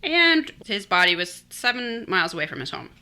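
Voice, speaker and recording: A woman co-hosts a podcast and tells a mystery story in easy, joking chat. Her voice is very bright and sharp-edged. Her pitch jumps around with lively energy. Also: moderate pace, smooth. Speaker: podcast co-host.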